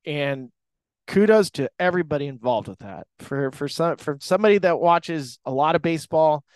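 A man's voice: fairly high pitch, lively intonation, normal speed, a little mellow, smooth, no room sound. A man hosting a baseball podcast in a casual, rambling monologue, full of restarts and fillers, talking from an airport restaurant bar. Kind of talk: casual sports talk monologue.

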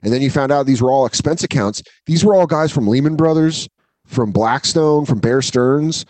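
Profane, animated storytelling man. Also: medium pitch, normal speed, dry recording. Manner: profane, animated, acts out the people in his stories. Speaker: podcast co-host, comedian. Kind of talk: casual podcast storytelling.

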